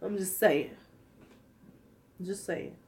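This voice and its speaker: A woman's voice: medium pitch, slow, darkish tone, a little hiss or hum. A woman in her fifties, a vlogger chatting casually and sassily with her viewers in a slightly worn-out voice. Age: 50s. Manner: sassy, candid, joking. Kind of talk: casual livestream chat.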